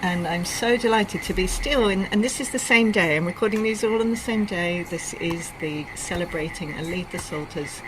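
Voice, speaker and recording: A woman's voice: lowish voice, normal speed, hardly any pauses. Effusive English woman hosting outdoors. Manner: effusive, chatty, laughs easily. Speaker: podcast host. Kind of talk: warm interview chat. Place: outdoors among birds and insects. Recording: outdoor noise of birds and cicadas. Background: kookaburras and cicadas.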